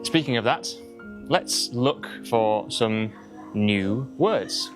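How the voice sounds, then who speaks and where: A man's voice: mid-range voice, expressive, extremely slow, over music. Chatty man with an English accent teaching. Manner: chatty, explains words with examples. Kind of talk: vlog-style lesson.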